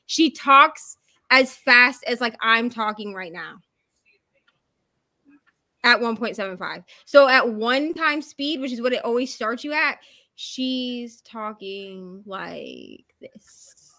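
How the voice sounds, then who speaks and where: A woman with a fairly high, pushed and bright voice speaks unhurriedly while chatting casually with friends on a group video call. She tells stories and acts out her own reactions.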